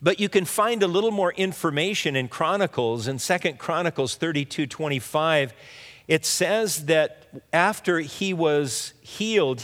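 A pastor giving a conversational sermon, teaching through a Bible passage with frequent restarts and asides. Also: male voice, fairly high pitch, fairly bright tone. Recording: long hall reverb.

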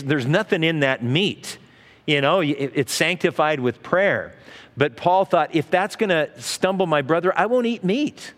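A man's voice: fairly high pitch, a bit bright, long reverb tail. A middle-aged man preaching a sermon as pastor, in a folksy, conversational way with asides and restarts.

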